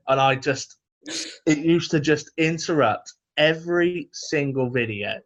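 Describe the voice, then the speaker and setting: A man's voice: on the high side, measured pace, fairly bright tone. Grumbling man on a lo-fi call. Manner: grumbling, mock-ranting, dry. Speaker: podcast co-host. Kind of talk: casual comedic chat. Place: home, on a video call. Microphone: video call microphone.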